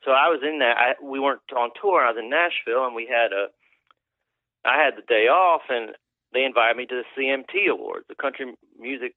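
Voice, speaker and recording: Over a tinny, dry phone line, a man who is a country musician guest tells rambling, profane stories in a casual interview. His voice is mid-range and brisk, with no echo.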